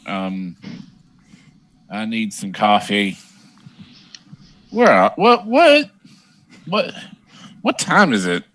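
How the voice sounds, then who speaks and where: A man's voice: fairly low pitch, sing-song, a bit bright, full character voice. A man voicing a sleepy, confused stranger who has just woken up and wants coffee. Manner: drowsy, confused, slow. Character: groggy half-awake stranger needing coffee.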